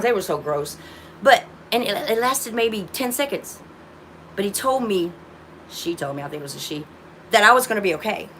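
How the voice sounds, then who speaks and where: A woman with grown children hosts a casual livestream from her phone, rambling with lots of restarts and calling her viewers "y'all." Her mid-range voice is a bit bright, with slight background noise.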